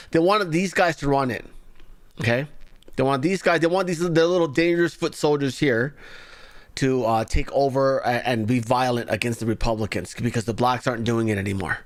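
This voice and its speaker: A man's voice: medium pitch, no echo, studio quality. A man hosting a live show, giving sarcastic, mocking political commentary.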